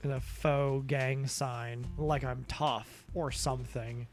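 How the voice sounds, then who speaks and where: A man's voice: mid-range voice, steady tone, takes it slowly, soft background music. A tired man rambling through casual gameplay commentary on a stream, goofy and profane, talking mostly to himself. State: tired, yawning.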